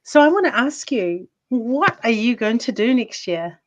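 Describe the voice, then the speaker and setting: A woman hosts an interview in a relaxed, chatty way, with many fillers. Her voice sits a little high. The recording sounds dull and lo-fi. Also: measured pace. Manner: conversational, full of "you know" fillers. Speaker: show host. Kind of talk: casual interview chat.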